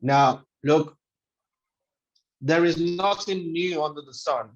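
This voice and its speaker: A man delivers a motivational lecture in a fairly high voice, hammering home his points by repeating them. The sound is dull and lo-fi, with a noticeable echo from the room around him. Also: takes it slowly. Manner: emphatic, repeats key phrases for effect. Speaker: webinar speaker on life skills.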